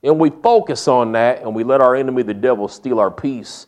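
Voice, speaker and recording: A man's voice: mid-range voice, a little fast, a little mellow. Folksy male preacher. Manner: folksy storytelling with humor. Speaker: pastor. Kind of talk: sermon.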